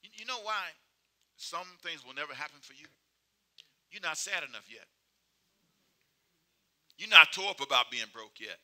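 Man preaching, high bright voice, keeps repeating lines and calling on the crowd, loud then dropping low. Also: expressive, moderate pace, long pauses. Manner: emphatic, repetitive call-and-response preaching; swings between loud exhortation and quiet, low asides. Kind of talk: sermon.

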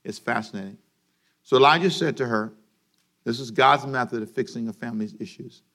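A man preaching a sermon for a daily radio program, animated, and having his congregation repeat lines after him. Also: mid-range voice, brisk. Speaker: pastor.

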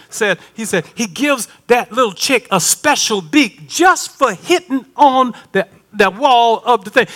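Guy preaching with a high bright voice, folksy, goes from quiet asides to big emphatic calls. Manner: folksy, conversational delivery. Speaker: pastor. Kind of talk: sermon.

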